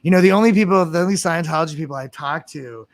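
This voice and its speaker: A man as a guest in a casual livestream chat, talking in a halting, reflective way with many restarts. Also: on the high side, no room sound.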